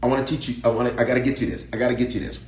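A man preaching a sermon to a congregation, calling out to the crowd and repeating key lines, dropping to a hush and then rising to a shout. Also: medium pitch, little pitch movement, very fast, roomy sound. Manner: call-and-response preaching, repeating lines, shifting from hushed to shouted. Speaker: bishop preaching. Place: church sanctuary.

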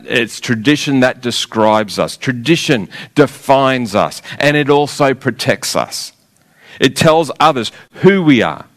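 In a mid-range voice, a man preaches a sermon, retelling a scripture story in a measured, emphatic manner with rhetorical pauses.

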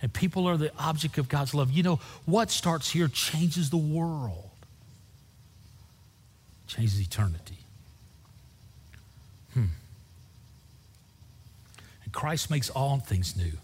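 A pastor telling a personal story in a sermon, acting out the dialogue with lively storytelling. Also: male voice, on the high side, slow, pauses often, husky, big-room sound.

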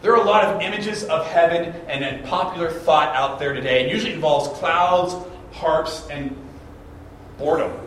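A man preaching a sermon as a pastor, telling stories in an animated way and acting out the dialogue with stammered restarts. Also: fairly high pitch, moderate pace. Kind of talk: storytelling sermon. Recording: very echoey room, distant mic, background noise.

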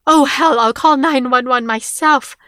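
A woman's voice: high voice, unhurried, sharp tone, no echo, studio quality, pitched above the performer's own voice. A woman reading the lines of a protective, caring mother figure with an urgent, alarmed manner, in a storybook reading. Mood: frantic.

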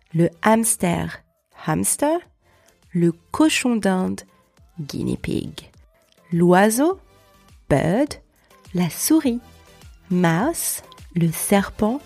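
A woman hosting a podcast lesson, saying words slowly and repeating them with care. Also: lowish voice, vocal fry, darkish tone, no room sound, clean studio sound. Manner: slow, careful repetition of words. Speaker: French teacher, podcast host. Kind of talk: slow language lesson narration.

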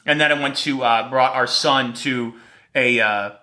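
A man's voice: mid-range voice, unhurried, bright, forceful tone. A man hosting a podcast on his own, telling stories in a light-hearted, rambling way, with a slight lisp. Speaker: podcast host. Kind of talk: casual solo podcast talk.

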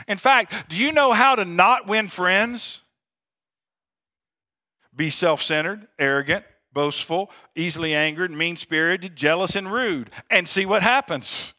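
A man's voice: sits high, a little slow, bright, forceful tone. A man preaching a sermon as pastor, in a conversational way, often asking "amen?" and calling his listeners friends. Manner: conversational, calls for amens and addresses listeners as friends.

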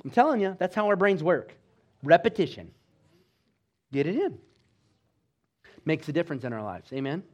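Male preacher, fairly high voice; exhorting sermon delivery, loud bursts and quiet drops. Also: big pitch swings, normal speed, long pauses. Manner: exhorting, with call-and-response asides; swings between loud emphasis and quiet, low delivery. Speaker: pastor.

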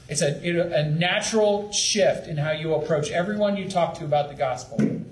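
Young male youth leader, earnest and pleading, high voice, roomy echo. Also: normal speed. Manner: earnest, pleading, with acted-out asides. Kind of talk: training talk to camp leaders. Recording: echoey room with faint background noise.

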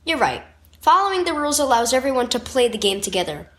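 A woman voicing a mother in a children's devotional story, gentle and teasing, then earnest. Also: high-pitched, sing-song, fast talker. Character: warm playful adult mother.

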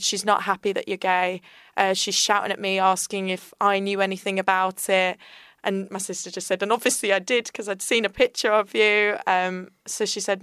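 A woman's voice: mid-range voice, fairly bright tone, clean tone, no room sound, studio quality. A young woman, a podcast guest, telling her personal story in a candid, earnest way.

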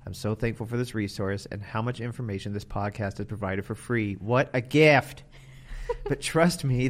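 A man reading a listener's review aloud with playful, expressive flair. His voice is fairly low, and he leans into the words with a lively delivery.

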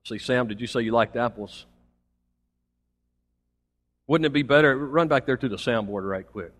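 The pastor's voice is medium in pitch and fairly bright, moving at a moderate pace. He preaches a Sunday sermon that rises to emphatic points amid folksy asides, recorded with the long reverb of a church sanctuary.

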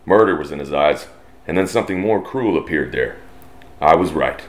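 Deep-voiced Texan man reading a western. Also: expressive. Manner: slow, drawling twang, puts on brief voices for characters. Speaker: storyteller. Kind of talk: reading a western story aloud.

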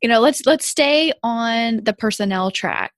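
A woman hosting an interview, asking questions quickly with fillers and repeated words. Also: a little high, animated, no room sound. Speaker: podcast host.

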